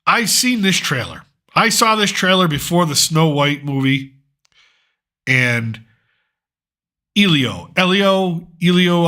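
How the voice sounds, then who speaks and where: A man's voice: a little high, bright, forceful tone. A middle-aged man hosting a pop culture commentary show, ranting sarcastically and swearing freely. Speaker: host.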